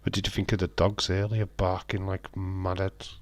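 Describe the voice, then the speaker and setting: A man's voice: deep voice, completely flat delivery, normal speed. A man hosts a live watch-along stream, commenting casually and bantering with viewers as he reads the chat aloud. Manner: bantering and teasing with viewers, frequent restarts.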